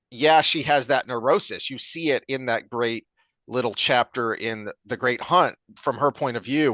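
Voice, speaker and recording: A man co-hosting a podcast, talking in a rambling, animated way with frequent restarts. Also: medium pitch, no echo. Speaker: podcast co-host. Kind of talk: casual chat.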